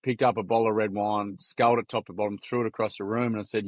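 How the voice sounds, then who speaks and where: A man's voice: fairly low pitch, steady tone, a little fast, a bit bright, no room sound. A man in his forties with an Australian accent, a podcast guest telling candid stories in a casual, blunt way, peppered with swearing and slang. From Gold Coast, Queensland, Australia. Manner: blunt, swears freely, heavy on mate and like. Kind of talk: candid conversational storytelling.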